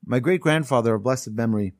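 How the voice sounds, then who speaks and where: A man's voice: mid-range voice, no echo. Male teacher with a mid-range voice and an earnest, emphatic storytelling manner, dry close sound. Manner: slows down to stress key phrases. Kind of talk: class talk with stories.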